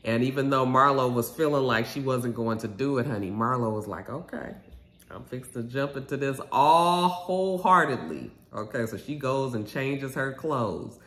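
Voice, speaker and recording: A man giving a casual, animated recap of a reality TV episode, gossipy and sassy. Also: mid-range voice, normal speed, reverberant.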